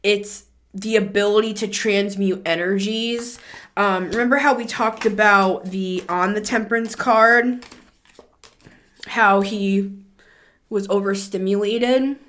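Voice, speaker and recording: A woman giving a casual, chatty tarot reading to camera, animated and quick to laugh. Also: medium pitch. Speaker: tarot reader.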